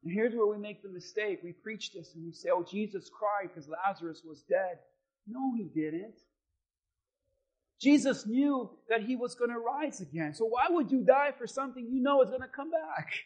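A high-voiced man preaching from the pulpit. He drops to a quiet, measured reading tone, then climbs into loud, fervent exhortation. His delivery is dramatic and insistent. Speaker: pastor. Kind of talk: sermon.

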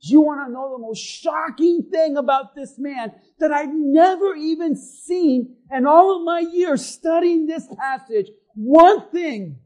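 A man preaching as pastor in a church, swinging between shouted peaks and hushed low passages, acting out the voices of the people he talks about. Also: rough recording. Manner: acts out voices of doubters and accusers. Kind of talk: sermon.

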